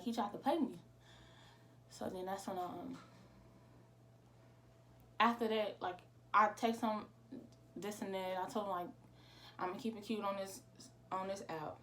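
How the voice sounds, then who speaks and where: Teen girl, casual storytime, lively quoting. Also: mid-range voice, slight background noise. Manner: animated retelling with quoted dialogue. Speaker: vlogger.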